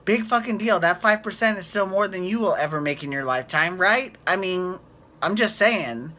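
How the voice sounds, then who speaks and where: A woman's voice: fairly low pitch, lively intonation, normal speed, sharp tone. A woman casually recapping a reality show, rambling, sarcastic and swearing freely. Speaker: recap vlogger.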